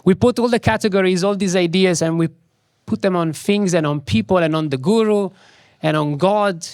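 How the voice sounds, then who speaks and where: A man giving a spiritual talk, telling a story slowly and with emphasis, repeating key words. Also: high-pitched, a little mellow, dry recording, studio quality.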